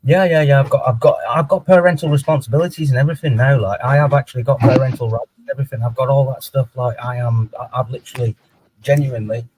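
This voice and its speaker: A man's voice: medium pitch, steady tone, fast talker, a little mellow, slight background noise, low-quality recording. A young man telling a personal story in a candid, sweary casual chat. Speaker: livestream guest.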